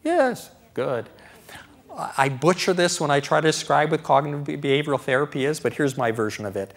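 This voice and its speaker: A middle-aged male doctor delivers a live lecture on health to an audience. He speaks conversationally, with animated swings in his delivery. He acts out his own thoughts along the way and keeps checking in with the listeners. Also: a little high, brisk. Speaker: doctor giving a public lecture.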